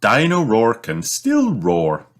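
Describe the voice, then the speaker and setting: A man voicing a kind, sensible mother pig in a read-aloud storybook, in a gentle, reassuring tone. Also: fairly low pitch, wildly swooping pitch, a little slow, pitched above the performer's own voice, exaggerated voice.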